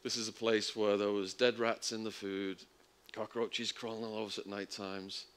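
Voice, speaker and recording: A middle-aged man telling his story in a talk, acting out the voices of the people in it. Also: a bit bright. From England. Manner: vivid storytelling, acting out the quoted voices with big jumps in pitch and volume. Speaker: speaker at a public talk.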